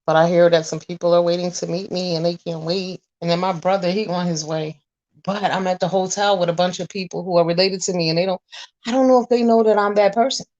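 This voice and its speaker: A woman in her forties chatting to viewers, telling a story in a blunt, animated, profane way. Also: on the low side, fast, dull audio. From US Northeast. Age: 40s. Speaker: vlogger.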